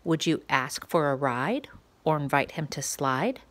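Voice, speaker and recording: Woman, children's story reader, slow unhurried pace, lively up-and-down intonation, lowish voice, gentle rhyming read-aloud. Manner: gentle, slow, sing-song questioning delivery. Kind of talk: picture book read-aloud for preschoolers.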